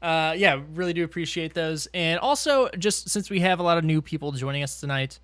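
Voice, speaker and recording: Man, podcast host, upbeat quick talk, fairly high voice, dry close mic. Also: a bit bright, clear, resonant tone, no echo. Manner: upbeat, quick, laughs often. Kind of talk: casual podcast chat.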